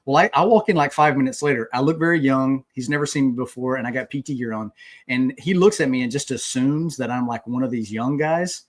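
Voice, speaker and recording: A man's voice: medium pitch, brisk. A man in his forties, a retired Marine guest, telling stories in casual conversation with frequent fillers. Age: 40s. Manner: relaxed storyteller with frequent "uh" fillers.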